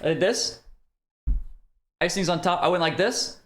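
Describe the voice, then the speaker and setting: A man's voice: high-pitched, moderate pace. A male streamer telling an exasperated story in casual chat.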